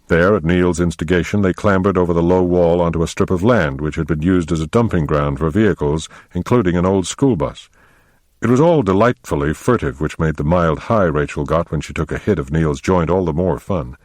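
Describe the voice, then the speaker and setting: A man narrating an audiobook in a measured storytelling manner. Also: low voice, a little mellow, no echo, studio quality.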